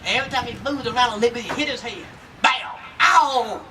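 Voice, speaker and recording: A woman telling a folk tale to a live audience at an outdoor festival, lively and talking straight to her listeners. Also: on the high side, racing. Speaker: storyteller. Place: outdoor town square festival. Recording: outdoor, mic far off, faint noise.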